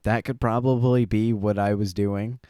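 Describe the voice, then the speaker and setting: Rambling young man, smooth low voice. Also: steady tone, normal speed, dark tone, dry recording, studio quality. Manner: rambling, frequent fillers and laughs. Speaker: podcast co-host. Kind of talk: casual chat.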